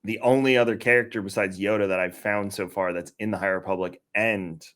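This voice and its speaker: A man co-hosting a casual gaming podcast, talking in a relaxed, conversational way. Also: lowish voice, fairly quick. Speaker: podcast co-host.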